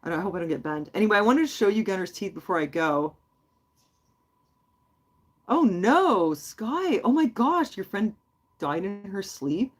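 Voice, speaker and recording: A woman's voice: lowish voice, quick pace. A woman hosting a casual livestream, chatty and rambling as she answers her viewers. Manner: chatty and rambling, many fillers. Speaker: host.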